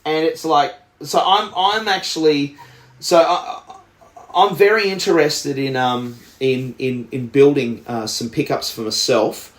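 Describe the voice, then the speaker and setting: A man's voice: a little high, a little slow, a bit bright, roomy sound. An Australian man co-hosting a podcast, telling a story in a rambling way with lots of restarts and fillers. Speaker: podcast co-host. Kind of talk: casual chat.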